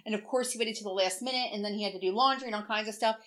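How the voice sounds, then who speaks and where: A woman's voice: medium pitch, very fast, a bit bright. A middle-aged woman co-hosting a casual podcast, telling long rambling stories, swearing freely and laughing often. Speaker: podcast co-host. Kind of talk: casual chat.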